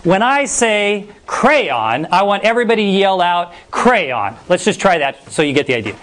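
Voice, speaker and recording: A middle-aged male teacher giving a class brisk, playful instructions. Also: high-pitched. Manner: energetic, brisk, playful commands.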